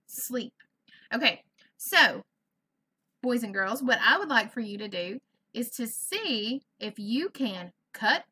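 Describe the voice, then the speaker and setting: Southern US woman, early-grades teacher, slow and deliberate, sounds words out for kids. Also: medium pitch, bright, forceful tone. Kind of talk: virtual classroom lesson.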